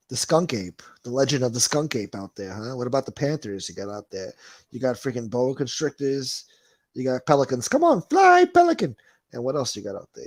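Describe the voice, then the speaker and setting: With a mid-range voice and no room sound, a man runs a livestream and works through viewer comments. He chats in a loose, rambling way, swearing heavily and laughing as he goes.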